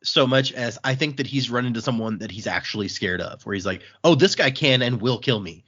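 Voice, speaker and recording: A man's voice: mid-range voice, a little fast, slightly rough, lo-fi sound. A man co-hosting a casual podcast, recapping a book and acting out the characters' lines as he goes. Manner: animated, acts out characters' lines while recapping. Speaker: podcast co-host.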